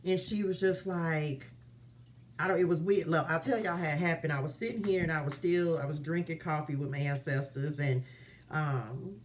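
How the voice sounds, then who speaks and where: A woman's voice: sits low, normal speed, slight background noise. Chatty, emphatic woman vlogging at home. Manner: chatty and emphatic, addresses viewers as y'all, repeats phrases. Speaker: spiritual reader and vlogger. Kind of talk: casual spiritual vlog talk. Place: her apartment, indoors.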